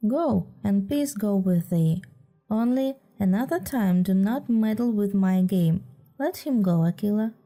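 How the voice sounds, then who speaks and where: A woman's voice: mid-range voice, expressive, measured pace, dark tone, faint music behind. A woman reading aloud voices a proud wild boy raised by wolves, speaking in a commanding, scornful way.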